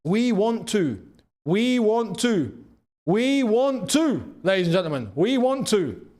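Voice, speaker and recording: A man hosting a live football watchalong, excitable and quick to shout and laugh. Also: high-pitched. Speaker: football channel host.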